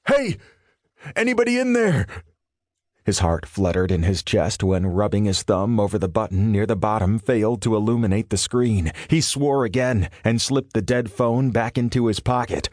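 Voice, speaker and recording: A man narrating a thriller audiobook in a measured, suspenseful storytelling manner. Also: lowish voice, steady tone, darkish tone, no room sound, clean studio sound.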